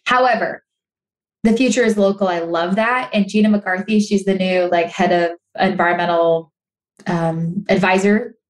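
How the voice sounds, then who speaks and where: A young adult woman talking casually as a podcast guest, animated and chatty, full of restarts and "like"s, sometimes acting out quoted voices. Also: medium pitch, normal speed. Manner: acts out quoted voices for emphasis. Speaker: podcast guest, sustainability creator. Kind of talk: casual interview chat.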